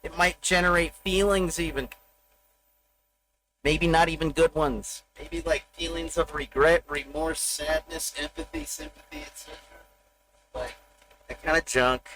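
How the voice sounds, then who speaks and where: A man's voice: on the high side, animated, unhurried, a bit bright, a little hiss or hum, low-quality recording. A middle-aged man livestreaming, ranting bluntly and profanely in a rambling, confessional monologue into a desk mic.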